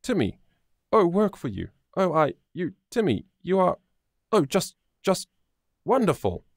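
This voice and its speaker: A man doing a booming, jolly young peasant. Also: normal speed, gravelly, dry recording, clean studio sound. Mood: overjoyed. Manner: booming, playfully over-proper, stammers when excited. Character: jolly, boisterous young male peasant friend.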